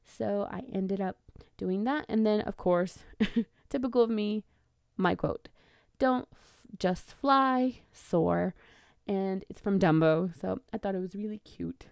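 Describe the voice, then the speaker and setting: A woman's voice: medium pitch, slow, gravelly, a little mellow, smooth, no echo, clean studio sound. A young woman giving a casual, chatty voice-over, with many fillers and restarts. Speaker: bullet journal vlogger.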